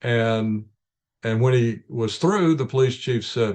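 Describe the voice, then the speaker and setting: A man being interviewed, calmly telling field stories in measured anecdotes with frequent restarts. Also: medium pitch. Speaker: ministry leader guest. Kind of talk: interview storytelling.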